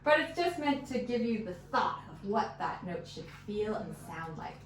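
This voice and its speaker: With a mid-range voice full of big pitch swings, a woman teaches a one-on-one fiddle lesson at a moderate pace. She encourages patiently and counts beats aloud as the fiddle plays, heard through a distant mic in an echoey room.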